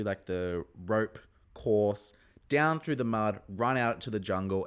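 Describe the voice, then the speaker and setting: A man giving a casual, chatty episode review, acting out the contestants with sudden high-pitched squeals. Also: clear, resonant tone. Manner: chatty, animated, jumps into high squeals when excited. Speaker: reality TV recap host.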